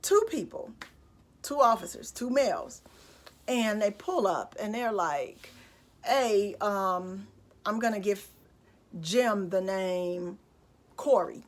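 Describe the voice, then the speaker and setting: A woman's voice: medium pitch, expressive, takes it slowly, pauses often. A young adult woman vlogger telling a personal story in a casual, candid way, with lots of fillers and asides.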